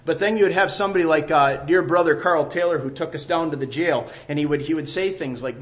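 Middle-aged man, sermon, fairly high voice, emphatic, repeats his phrases. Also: fairly quick, hardly any pauses. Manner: emphatic, repeats key phrases, drops to a quiet voice for asides. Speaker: preacher.

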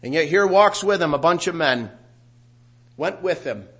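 A middle-aged pastor preaches a sermon in a slightly raised pitch, speaking conversationally at normal speed. His delivery is animated, growing louder and more intense whenever he quotes scripture.

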